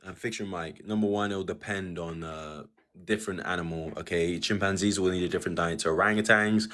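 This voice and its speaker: A man's voice: deep voice, steady tone, fairly quick, a bit bright. A man hosting a live online debate, talking in a lecturing, patronizing way. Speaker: debate host.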